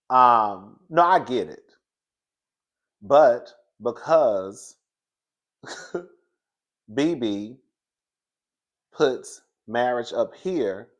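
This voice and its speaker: A man gives a casual review of a reality TV episode in an animated, gossipy way. He laughs often and keeps calling the listener girl. His delivery stays loose and conversational. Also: mid-range voice. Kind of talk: casual commentary.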